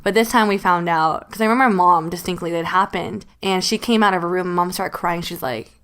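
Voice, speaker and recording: A woman's voice: fairly low pitch, fast talker, a bit bright, clear, resonant tone. A woman in her late twenties, a podcast co-host, telling a personal story while crying, talking loosely with many fillers. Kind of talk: casual chat.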